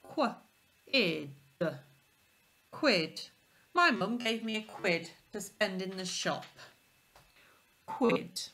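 A woman teacher giving a phonics lesson to young children, sounding out letters slowly and clearly. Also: mid-range voice, expressive, bright, forceful tone.

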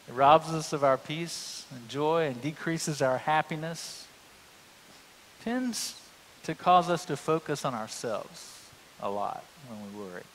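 A man's voice: on the high side, lively intonation, slow, fairly bright tone, a little hiss or hum. Man, pastor, conversational humorous sermon, long echo of a church sanctuary.

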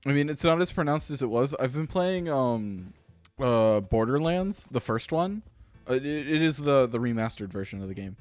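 A man hosting a gaming channel, giving rambling, self-deprecating let's-play commentary with sudden excited outbursts. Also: medium pitch, moderate pace, no room sound, soft background music.

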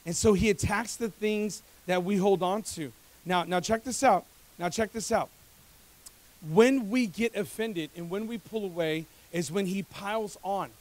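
A male pastor gives an energetic, conversational sermon at a church service, joking with the congregation and posing rhetorical questions. His voice is high and his pace measured, though he often repeats words as he speeds up.

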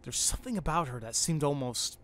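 A man hosting a let's play, reading a visual novel aloud with excitable, cursing commentary. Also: fairly high pitch, a little fast, a little hiss or hum. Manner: excitable, swears and exclaims at the game.

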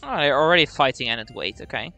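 A man's voice: on the high side, big pitch swings, quick pace, creaky, bright, forceful tone, dry recording, faint music behind. A young man hosting a let's-play, thinking aloud as he plays and saying "okay" over and over. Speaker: gaming channel host. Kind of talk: casual let's-play commentary.

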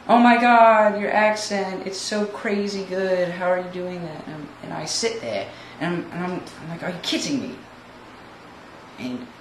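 An actor playing a scheming immigrant hustler in an acting-class film monologue, speaking in halting, repetitive, quietly sinister musings. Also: male voice, on the high side. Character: scheming immigrant hustler man, smugly menacing. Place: large echoey studio kitchen. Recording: echoey room from far off, noisy.

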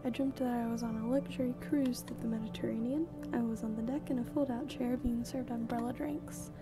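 A woman's voice: on the high side, steady tone, brisk, close to an everyday voice. A woman reading a wife recounting a dream. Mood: telling. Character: woman telling her husband a strange dream. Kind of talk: reading game dialogue aloud. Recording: game music playing behind.

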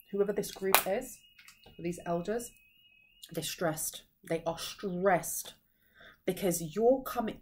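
A woman's voice: medium pitch, a little mellow. A woman giving an intuitive tarot reading to her viewers, rambling and searching for words with frequent sighs. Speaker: tarot reader and medium.

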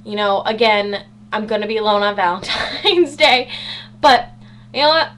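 A woman's voice: mid-range voice, moderate pace, fairly bright tone. A teenage girl chatting casually on a home vlog, bubbly and self-mocking with sarcastic asides. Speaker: vlogger. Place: home bedroom.

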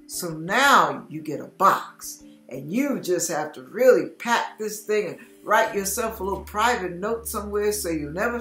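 A woman giving a devotional message, telling a story as a scenario and acting out panicked inner voices. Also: mid-range voice. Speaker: Christian vlogger. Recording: echoey room with soft background music.

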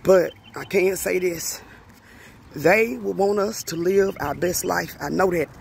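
A woman's voice: lowish voice, a little slow, gravelly, darkish tone, breathy edge. A middle-aged woman speaking in a heartfelt personal video message, grieving, emotional and earnest, often repeating herself. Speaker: grieving mother vlogger.

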